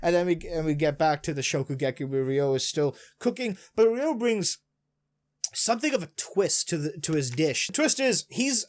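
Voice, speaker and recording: A man casually recapping and reacting to a manga chapter, rambling excitedly with lots of fillers. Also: a little high, normal speed. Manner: excitable, rambling, many fillers, retells scenes with "he's like". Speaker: manga reviewer.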